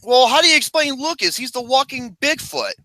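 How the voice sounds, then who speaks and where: A man's voice: very high-pitched, a little fast, bright, forceful tone, no echo. A man co-hosting a podcast in casual chat, teasing the others with crude jokes. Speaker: podcast co-host.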